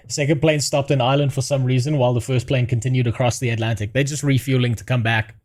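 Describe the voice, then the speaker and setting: A man's voice: medium pitch, steady tone, fast talker, a little mellow. A man from Africa, doing crude, profane livestream commentary and laughing at his own jokes. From South Africa.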